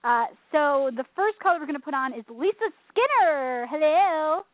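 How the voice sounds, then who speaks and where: A bubbly young woman in her twenties hosts a call-in show, her voice high and gushing. The sound is dry and tinny, much like a phone line. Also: animated, moderate pace, dry recording. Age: 20s. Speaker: host. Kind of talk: casual radio chat.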